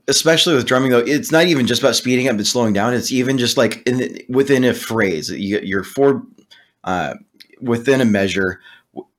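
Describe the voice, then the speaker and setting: A man co-hosting a casual music podcast, explaining drumming in a steady way. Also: mid-range voice, brisk. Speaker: podcast co-host. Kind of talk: casual chat.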